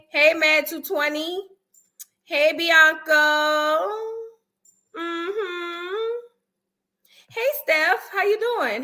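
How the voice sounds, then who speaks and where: A young woman hosts a casual livestream, calling out viewers by name in a relaxed, chatty drawl. Her voice sits high and sounds bright and forward. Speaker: livestream host. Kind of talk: casual live-stream chat greeting viewers.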